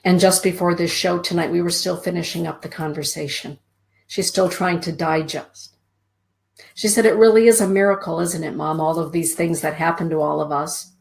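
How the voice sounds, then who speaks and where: A middle-aged woman hosting a spiritual talk show. She tells a heartfelt personal story and teaches in a gentle, earnest way, often dropping to a soft hush. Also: on the low side, fairly even intonation, moderate pace, creaky.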